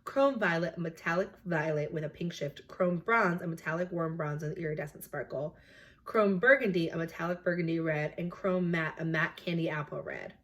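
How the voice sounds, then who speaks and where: A young woman with a slightly low voice, talking through new makeup releases in a chatty, opinionated way. She fills her sentences with "like" and "um" as she reviews products for her beauty channel. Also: moderate pace. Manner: chatty, opinionated, filler-heavy. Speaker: beauty vlogger.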